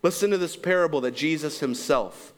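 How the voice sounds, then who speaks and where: A male pastor in his thirties delivers a church sermon with a fairly high, bright voice. He tells stories with animated, acted-out quotes, jumping high in pitch and laughing along with the congregation. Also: fairly quick. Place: church sanctuary.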